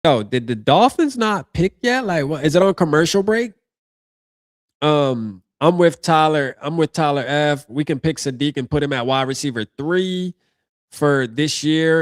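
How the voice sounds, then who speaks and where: A man's voice: on the high side, dry recording. Man, stream host, casual slangy chatter, thinking aloud, dead dry sound. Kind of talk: casual live reaction stream.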